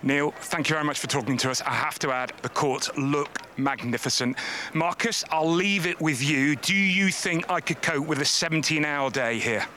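A man's voice: a little high, normal speed, bright, forceful tone, a little hiss or hum. A man conducting an interview in a friendly, chatty way. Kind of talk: casual interview.

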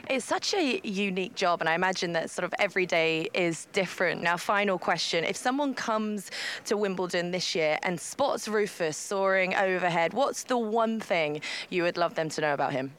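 A woman's voice: on the low side, expressive, normal speed, fairly bright tone, smooth. A woman interviewer asking curious, conversational questions. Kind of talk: friendly interview.

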